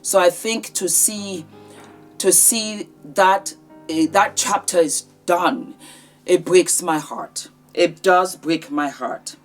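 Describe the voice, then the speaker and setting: A woman with a slightly low voice talks through celebrity news in an earnest, heartfelt vlog. She speaks conversationally and emotionally. Soft music plays faintly underneath. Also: fairly even intonation, takes it slowly. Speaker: vlogger.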